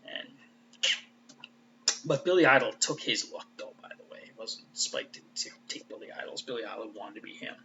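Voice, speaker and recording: A man's voice: mid-range voice, lively intonation, normal speed, bright, forceful tone, lo-fi sound, a little hiss or hum. A man giving a casual, rambling fan recap. He swears freely and often trails off and restarts. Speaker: fan commentator.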